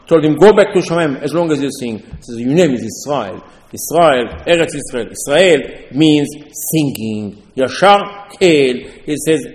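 A man's voice: a little high, darkish tone. Man preaching in an echoey hall. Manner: informal, repetitive, quoting Hebrew terms. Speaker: rabbi. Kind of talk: Torah sermon.

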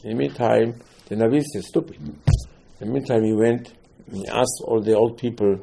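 A man's voice: medium pitch, normal speed, vocal fry, mellow, breathy edge. A man giving a sermon on scripture, telling the stories with animation, acting out the quotes and repeating key words for emphasis. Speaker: religious teacher.

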